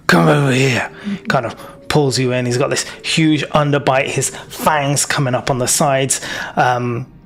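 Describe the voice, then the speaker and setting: A man's voice: medium pitch, steady tone, unhurried. A man narrating as game master of a tabletop game, loose and rambling, full of fillers and restarts.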